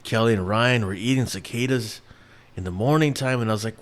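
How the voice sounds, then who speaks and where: A man's voice: mid-range voice, fairly quick. A man in his thirties, from New York, hosting a casual solo podcast, rambling with lots of restarts and fillers and swearing freely. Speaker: podcast host.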